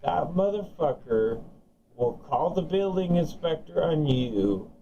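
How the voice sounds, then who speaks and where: A man's voice: on the high side, animated, takes it slowly, vocal fry, warm tone, distant mic, highs cut off. A man talking over CB radio, heated and profane, taunting another operator again and again. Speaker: CB radio caller.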